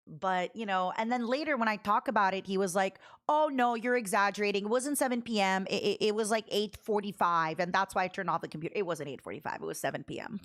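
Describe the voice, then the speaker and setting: Woman streamer just chatting, rambly and animated, keeps restarting sentences. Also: medium pitch. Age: adult. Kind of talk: casual storytelling chat.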